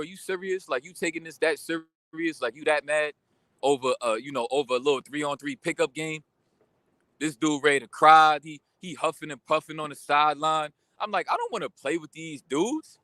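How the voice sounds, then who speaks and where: A young man telling a story in a casual vlog rant, animated and full of slang, venting about a pickup game. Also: a little high, dry recording. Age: young adult. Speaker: vlogger.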